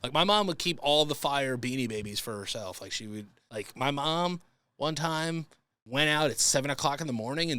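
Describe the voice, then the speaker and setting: A young adult man hosting a podcast delivers a comedic storytelling monologue, ranting in a profane, exasperated way. His voice is medium-pitched and fairly bright, with no echo.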